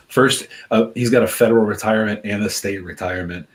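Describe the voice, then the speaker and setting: A man co-hosting a casual podcast chat over a video call, talking in a relaxed, rambling way with lots of fillers. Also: lowish voice, unhurried. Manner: laid-back, chatty, lots of fillers and laughter. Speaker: podcast co-host.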